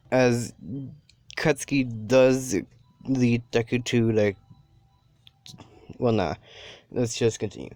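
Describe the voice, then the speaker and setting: A man narrates an improvised fan story in a rambling way, often restarting his sentences. His pace is slow and his pitch sits mid-range. The recording is dry and close. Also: darkish tone, dry recording. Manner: rambling, many fillers and restarts.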